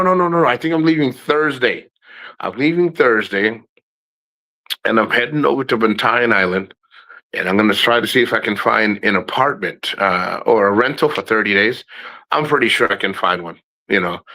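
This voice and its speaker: A man's voice: medium pitch, expressive, moderate pace, sharp tone, low-quality recording. A middle-aged man rambling casually in a travel vlog, blunt and profane, laughing often. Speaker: travel vlogger.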